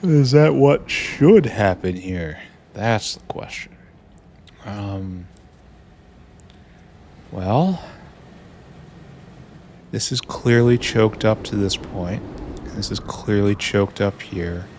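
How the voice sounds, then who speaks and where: A man's voice: lowish voice, extremely slow, pauses often, darkish tone, slight background noise. A man thinking aloud in casual commentary while playing a game, musing and mocking himself. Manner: musing, talks to himself, dry self-mockery. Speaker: gameplay streamer.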